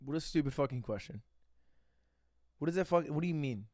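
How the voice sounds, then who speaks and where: A man streaming live and reacting to a video with animated, profane, mocking commentary. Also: a little high, a little fast, no echo, studio quality.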